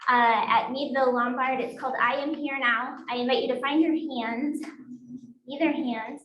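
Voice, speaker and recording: A woman minister with a high voice leads worship in a church sanctuary, speaking slowly and deliberately as she invites the congregation in. Her voice rings around a roomy space, with a faint hum of noise behind it. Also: steady tone, muffled recording. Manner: slow, deliberate, inviting liturgical delivery. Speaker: guest minister. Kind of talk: leading a worship service.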